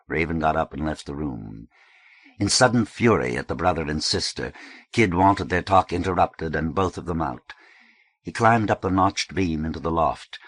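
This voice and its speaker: A man narrating a novel as an audiobook in a measured, even way. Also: very deep voice, no echo.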